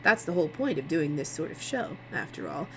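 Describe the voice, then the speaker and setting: A woman's voice: low-pitched, big pitch swings, fairly quick, a little hiss or hum, low-quality recording. A woman voicing a smug male TV producer, sarcastic and needling.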